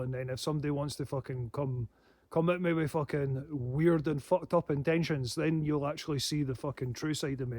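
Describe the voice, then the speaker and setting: A man's voice: fairly high pitch, darkish tone, dry recording. A man rambling in a casual monologue, swearing heavily and laughing to himself. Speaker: paranormal channel host.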